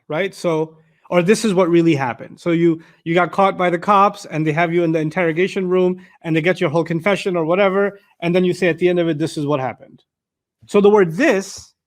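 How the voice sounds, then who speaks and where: A man teaching a Quran commentary lecture, talking conversationally with everyday examples and quick Arabic recitations. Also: sits high. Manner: conversational, explains with everyday examples and repeated restarts. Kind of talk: tafsir lecture.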